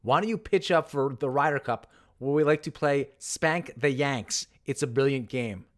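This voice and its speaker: A man's voice: medium pitch, normal speed. A man hosting his own golf channel, telling a story and reading posts aloud in a sarcastic, mock-dramatic way. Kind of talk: narrated commentary reading tweets aloud.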